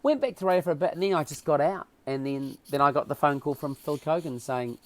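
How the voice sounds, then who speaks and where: A middle-aged man, a podcast guest telling personal stories in a lively, emotional way. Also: a little high, fast talker. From New Zealand. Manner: animated, emotional storyteller who acts out quotes. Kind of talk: casual storytelling chat.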